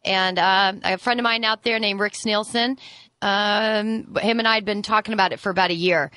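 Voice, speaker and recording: Brief: chatty, excited female radio guest, mid-pitched, close dry studio sound. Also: moderate pace, dry recording. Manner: enthusiastic, chatty, laughs easily. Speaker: radio guest, charity organizer. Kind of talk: casual radio chat.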